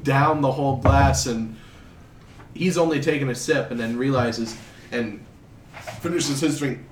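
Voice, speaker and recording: A man narrating a tabletop game as game master, unhurried and amused. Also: medium pitch, distant mic. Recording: roomy, noisy.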